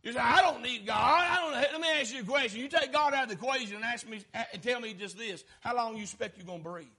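A man preaching a fervent sermon, swinging from shouted lines down to low, quiet ones. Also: quick pace.

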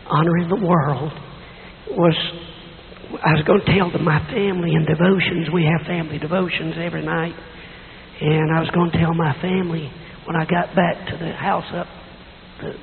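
A middle-aged man preaching a sermon in a church with a hoarse, weak voice, telling folksy stories with self-deprecating asides. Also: fairly high pitch. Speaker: visiting preacher. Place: church sanctuary. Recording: tinny echoey church recording with hiss.

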